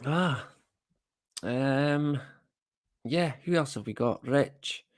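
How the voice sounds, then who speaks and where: A man's voice: mid-range voice, drawn-out words. A Scottish man hosting a livestream, chatting casually to viewers with self-deprecating, rambling asides. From Scotland. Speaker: livestream host.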